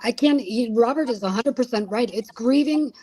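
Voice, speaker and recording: A woman guest in a casual talk-show chat, speaking softly and haltingly. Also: fairly high pitch, a little hiss or hum, poor audio.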